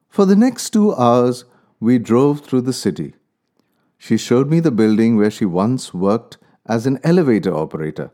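A man telling a first-person story in a calm, measured, reflective way. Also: mid-range voice. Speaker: narrator. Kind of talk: storytelling narration.

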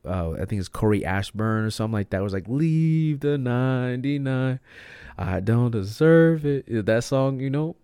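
A young man telling his personal testimony in a casual, slangy way, swinging from hushed to loud and emphatic. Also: mid-range voice, moderate pace, clear, resonant tone, no room sound, clean studio sound. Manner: slangy and emphatic, says "bro" and "like" a lot. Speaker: podcast host sharing his testimony.

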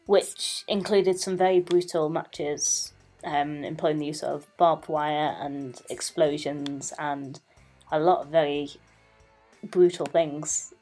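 A podcast co-host chatting casually in a relaxed, wry way, often pausing with ums. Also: male voice, a little high, faint music behind.

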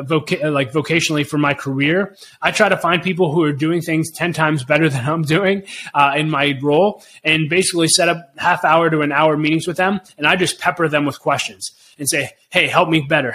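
A man's voice: fairly high pitch, sharp tone, slight background noise. A middle-aged man hosting a podcast, talking alone in an earnest, encouraging way and repeating his key phrases for emphasis. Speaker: podcast host. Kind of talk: solo motivational podcast talk.

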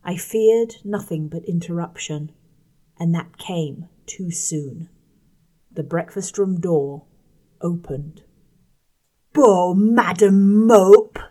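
In a measured audiobook reading, a woman narrates a first-person story with a fairly low-pitched voice, softening it during the quieter passages.

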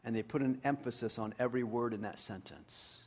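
A man preaching a sermon as pastor to his congregation. He speaks earnestly and often drops to a hushed voice for emphasis. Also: medium pitch, fairly even intonation, a little fast, hardly any pauses.

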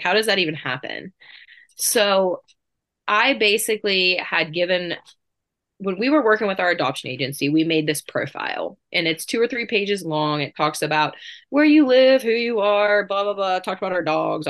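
Woman, 30s, interview guest, chatty, fillers, low-ish pitch. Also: a bit bright. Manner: chatty, fast bursts, lots of fillers. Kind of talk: casual storytelling interview.

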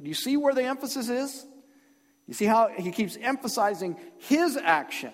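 A man's voice: sits high, expressive, brisk, big-room sound. A man preaching a sermon as pastor, emphatic and pressing his listeners to take each point in. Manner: emphatic, calls on the congregation to respond.

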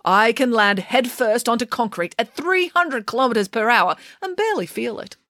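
A self-important pig nanny lecturing with great confidence, voiced by a woman reading the story. She speaks high and lively, her pitch bouncing freely. The sound is close and dry. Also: moderate pace, dry recording. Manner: grand, lecturing tone.

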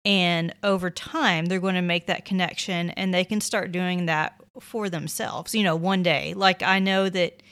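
A woman in her thirties talks through parenting advice in a loose, conversational way. Her voice sits on the lower side, and she reassures the listener often, scattering "you know" and "like" through her sentences. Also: fairly even intonation, a little slow, hardly any pauses, a bit bright, clean tone. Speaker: parenting podcast host. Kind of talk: casual advice talk.

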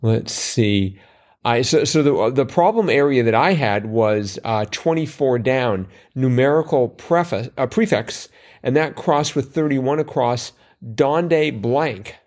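A man of middle pitch co-hosting a casual podcast about the daily crossword. He thinks aloud, muses over clues and pokes fun at his own mistakes. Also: lively intonation, slow pace, darkish tone. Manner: musing, self-deprecating, thinks aloud with fillers. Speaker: podcast co-host.

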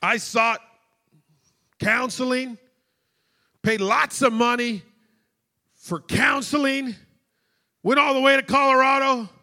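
A man preaching a sermon with emotion, swinging into shouts and acting out voices as he tells stories. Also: very high-pitched, steady tone, slow, long pauses.

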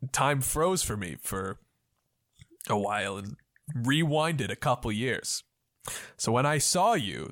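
A man voicing a frantic future-self train conductor, pleading and high at first, then slow and low. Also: fairly bright tone, dry recording, studio quality, close to an everyday voice.

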